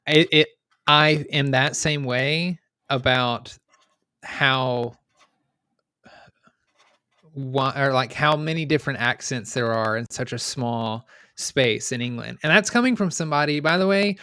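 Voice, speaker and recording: Easygoing man, smooth voice. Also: mid-range voice, a little slow, pauses often, sharp tone, no echo, studio quality. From Louisiana, USA. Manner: easygoing, talks in loose run-on sentences with many "like"s. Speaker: podcast co-host. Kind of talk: casual chat.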